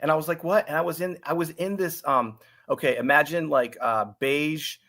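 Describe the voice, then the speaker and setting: A man's voice: on the high side, moderate pace, bright, forceful tone. A man telling a rambling anecdote in casual podcast chat, correcting himself and laughing easily. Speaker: podcast guest or co-host telling a story. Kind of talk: casual storytelling.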